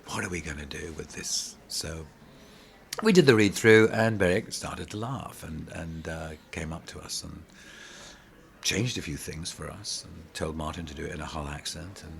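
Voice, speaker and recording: A middle-aged man, a pantomime actor, telling animated, rambling stories in an interview, full of restarts. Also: very deep voice, moderate pace, creaky, slight background noise. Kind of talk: casual interview storytelling.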